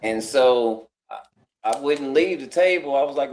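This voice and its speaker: Guest storyteller, male, middle pitch, lively and chatty, voices other characters, roomy reverb. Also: moderate pace. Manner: animated, acts out other people's lines in changed voices. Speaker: guest on a live talk stream. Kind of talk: casual storytelling. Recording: roomy echo.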